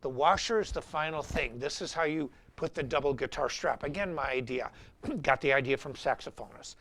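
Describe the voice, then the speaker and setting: Gravelly, bright-voiced guitar teacher. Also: male voice, fairly high pitch, normal speed. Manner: animated, rambling, anecdotal. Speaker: guitar teacher and show host. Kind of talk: live-streamed guitar lesson.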